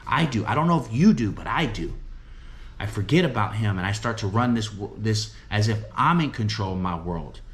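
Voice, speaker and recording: This middle-aged recovery home director and preacher has a lowish, animated voice and speaks at normal speed. His motivational message on faith and recovery is earnest and emphatic, peppered with repeated phrases and the question "right?"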